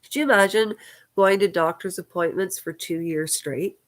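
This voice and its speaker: A woman's voice: lowish voice, normal speed. A woman in her fifties, from Ukraine, rambling emotionally in a personal vlog from her houseboat. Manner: emotional, meandering, talks straight to camera. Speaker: vlogger. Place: at home on a houseboat.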